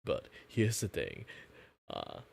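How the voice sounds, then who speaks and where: A man chatting casually on his stream in his relaxed, lower natural register, rambling with lots of fillers. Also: moderate pace, no echo. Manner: rambling, filler-heavy, frequent laughs. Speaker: VTuber streamer and artist.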